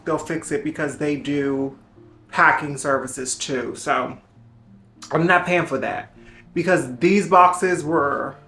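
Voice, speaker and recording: A woman's voice: on the low side, roomy sound. A woman vlogger chatting casually and sassily to her viewers at home while packing up to move, calling them girl and child.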